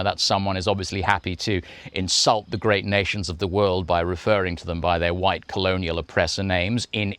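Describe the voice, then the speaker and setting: A man's voice: deep voice, a bit bright, dry recording. A man playing a smug actor-activist. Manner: preachy, rambling, self-satisfied. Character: smug self-righteous male actor-activist, vlogging. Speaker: performer. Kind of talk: comedic character monologue.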